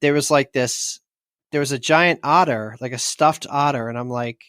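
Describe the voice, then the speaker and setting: Laid-back guy co-hosting a podcast, mid-pitched, dry close mic. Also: normal speed, fairly bright tone, smooth, no echo. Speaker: podcast co-host. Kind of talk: casual chat.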